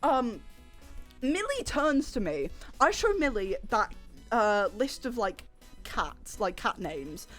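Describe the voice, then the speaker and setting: A young woman livestreamer chatting casually to her viewers, telling stories with animated sarcasm. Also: fairly high pitch, slow, faint music behind. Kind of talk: casual stream chat.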